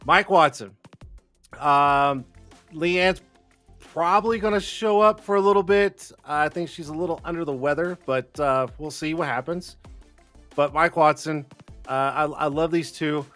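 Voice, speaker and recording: A man hosting a casual live-stream talk show, rambling and excitable, swearing freely. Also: a little high, a little slow, soft background music. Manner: rambling, profane and excitable, with frequent restarts and laughs. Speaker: livestream talk show host.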